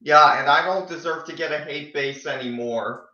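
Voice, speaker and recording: A young man chatting casually on a stream, sounding tired and halting, with many fillers. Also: fairly high pitch, pushed and bright. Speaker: stream co-host. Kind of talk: casual chat. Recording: lo-fi, echoey room.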